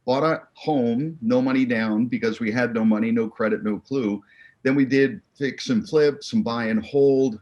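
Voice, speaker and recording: A man's voice: medium pitch, moderate pace, darkish tone, muffled recording. A man being interviewed on a podcast, talking about his background in an easygoing, upbeat way. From Arizona. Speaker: podcast guest, real estate investor. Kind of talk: relaxed interview talk.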